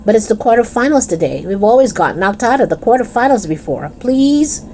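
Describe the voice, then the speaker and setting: A woman's voice: a little high, very animated, brisk, darkish tone, a little hiss or hum, voice pushed up. A woman voicing an eager schoolboy footballer who begs his friend to play, in a read-aloud storybook. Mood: pleading. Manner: pleading, urgent. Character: pleading young schoolboy footballer.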